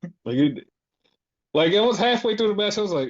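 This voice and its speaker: Brief: foul-mouthed co-host, animated rants, middle pitch, dull lo-fi mic. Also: fairly quick. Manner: profane, animated ranting. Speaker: podcast co-host. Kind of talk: casual chat.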